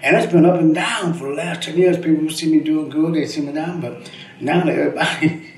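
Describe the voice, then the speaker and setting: Recorded with a distant mic in an echoey room with faint ambience, a veteran poet in his later years tells candid, rambling, cuss-filled stories to an interviewer, frequently closing lines with "man." His voice is on the high side and a little fast.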